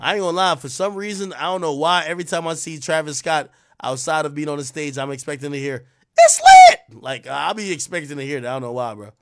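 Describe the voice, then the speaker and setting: Male live-stream host, casual commentary, rambling, profane, animated, slightly high voice, faint music underneath. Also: fast talker, hardly any pauses. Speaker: livestream host.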